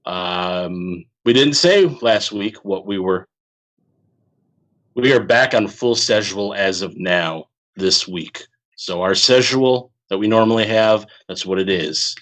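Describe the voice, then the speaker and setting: A man with a lowish voice chats casually on a podcast. He rambles through fillers and breaks into laughter often. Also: a little slow, a bit bright, poor audio. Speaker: podcast co-host.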